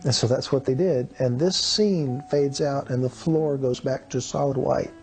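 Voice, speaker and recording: A man's voice: mid-range voice, normal speed, creaky, faint music behind. A man in his fifties from Texas, telling his personal testimony in an earnest, dramatic way and acting out the people in his story. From Texas, USA. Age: 50s. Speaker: testimony speaker.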